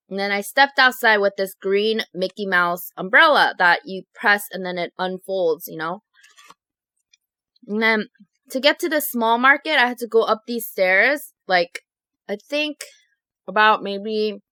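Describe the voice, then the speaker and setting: A young woman vlogger telling a story to her viewers in a chatty, animated way, full of fillers. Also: medium pitch, clear, resonant tone, no echo, studio quality. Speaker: mukbang vlogger.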